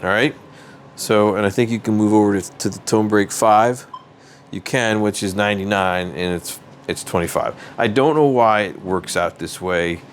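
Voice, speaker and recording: A man's voice: lowish voice, normal speed, a little hiss or hum. A man hosting a hobby channel, walking through device settings step by step in a casual, rambling way and correcting himself as he goes. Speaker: metal detecting channel host. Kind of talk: casual how-to walkthrough.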